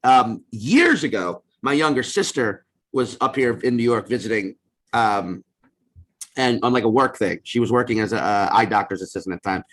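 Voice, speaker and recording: A man appearing as a comedian guest on a podcast, talking in an animated way with frequent restarts. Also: mid-range voice, normal speed. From US South. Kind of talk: casual chat.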